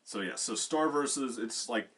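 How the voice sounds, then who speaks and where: A man's voice: medium pitch, normal speed. A man co-hosting a casual discussion, rambling with many fillers and restarts. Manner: bursts into loud acted quotes. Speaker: co-host.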